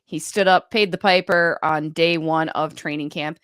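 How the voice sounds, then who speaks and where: A woman's voice: deep voice, steady tone, fairly bright tone, clear, resonant tone, no room sound, studio quality. Chatty woman hockey podcast co-host. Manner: chatty, quick asides, frequent fillers. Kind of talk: casual podcast chat.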